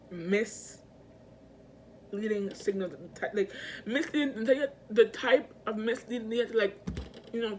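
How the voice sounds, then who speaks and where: A woman vlogger speaks straight to her camera, her talk rambling and halting with constant fillers and restarts. She sounds earnest and emotional, at an ordinary middle pitch. A faint noise sits under her voice. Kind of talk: personal video update to viewers. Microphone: self-filmed camera mic.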